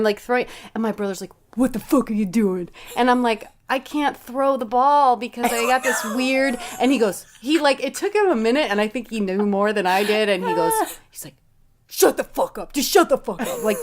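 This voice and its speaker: Woman host, casual chat, rambling storyteller, laughs a lot, swears. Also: a little high. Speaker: podcast host.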